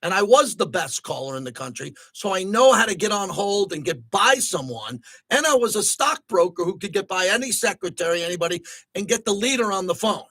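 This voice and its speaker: Excitable high-voiced radio host, dry studio. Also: male voice, fairly quick, no room sound. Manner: excitable, rising to near-shouting when riled. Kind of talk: sports talk radio monologue. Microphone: close studio mic.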